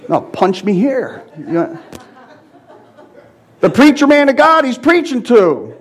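A middle-aged male preacher giving a sermon with personal testimony, swinging from loud, high exclaiming to quiet, low confiding. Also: sing-song, a little slow, pauses often.

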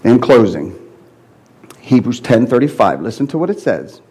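A middle-aged male preacher giving a sermon with personal testimony, swinging from loud, high exclaiming to quiet, low confiding. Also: very animated, normal speed, slightly rough.

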